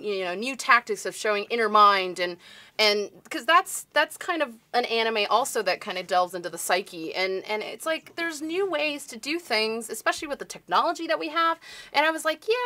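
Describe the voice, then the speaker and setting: A woman chatting on a review panel. Her voice is bright and clear, and her talk runs lively and loose, leaning on "like.". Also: mid-range voice. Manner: lively, chatty, says like a lot. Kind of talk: casual panel chat.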